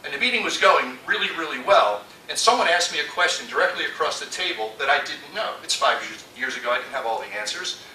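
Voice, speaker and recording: A man giving a storytelling keynote talk, animated and acting out the voices he quotes. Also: fairly high pitch, fast, few pauses, a little hiss or hum. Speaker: conference speaker. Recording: echoey hall from far off.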